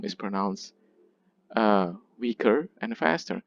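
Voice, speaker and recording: A man's voice: lowish voice, expressive, measured pace, vocal fry, a bit bright, no echo, lo-fi sound. A man teaching a literature class, explaining patiently, often checking in with his listeners and correcting himself as he goes. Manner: hesitant, with restarts and self-corrections. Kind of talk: recorded lecture.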